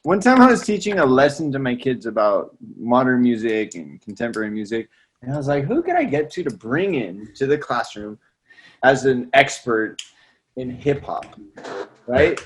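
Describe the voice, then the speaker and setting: A man who teaches music, telling stories in a casual chat, animated and slangy, often tacking "man" onto his lines. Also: mid-range voice, normal speed, husky. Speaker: music teacher and salsa trumpet player.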